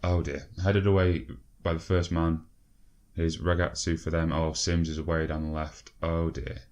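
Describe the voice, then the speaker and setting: A young man with a very deep voice calls out his football management game as it plays. He gets excited, swears and talks straight to his players. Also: moderate pace, dull audio. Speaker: gaming video creator. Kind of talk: game commentary.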